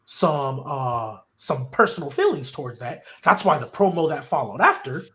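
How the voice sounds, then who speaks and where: A man's voice: fairly high pitch, big pitch swings, normal speed, a bit bright. A man hosting a casual wrestling podcast, talking in an opinionated, rambling way with frequent restarts. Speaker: podcast host.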